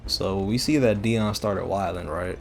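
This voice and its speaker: A man streaming a video game, giving casual commentary in a slangy, excitable way. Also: deep voice, a little slow, gravelly, soft background music.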